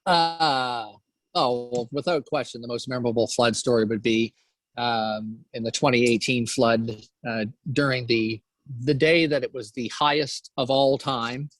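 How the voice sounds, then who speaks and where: A man's voice: mid-range voice, steady tone, dry recording. Middle-aged new brunswick guy, interview guest, lots of ums and restarts, dry close sound. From New Brunswick, Canada. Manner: halting, many fillers and restarts. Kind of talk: casual interview chat.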